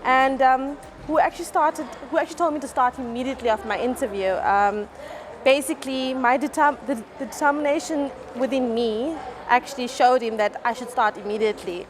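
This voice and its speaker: A woman's voice: sits high, a little fast, noisy background. A woman, a customer relations manager, telling a group how her career started, speaking hesitantly with many ums and restarts. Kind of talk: workplace career talk. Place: car dealership indoors.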